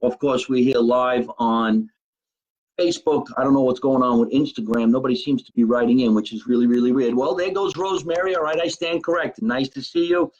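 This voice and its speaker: A man from New Jersey hosting a casual live podcast, talking in an animated way. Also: mid-range voice, fairly quick, highs cut off. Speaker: podcast host.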